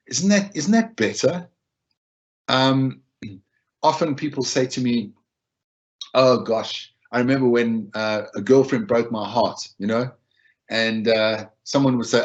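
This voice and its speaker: A man's voice: medium pitch, unhurried, lo-fi sound. A man giving an informal wellbeing talk on supporting others, conversational, often repeating himself and acting out what people say. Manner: conversational, repeats phrases, acts out quoted lines. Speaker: wellbeing speaker.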